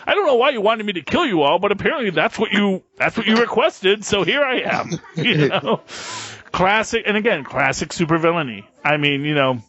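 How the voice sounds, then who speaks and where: A man's voice: high voice, animated, a little fast, a bit bright, no echo. A man co-hosting a podcast in casual chat, rambling with many fillers and restarts. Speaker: podcast co-host. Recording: dull lo-fi podcast audio, dry.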